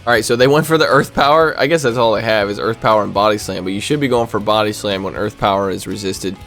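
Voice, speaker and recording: Excitable man commentating a game. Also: fairly low pitch, fast, faint music behind. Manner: excitable, reacting aloud to each play. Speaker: gaming commentator.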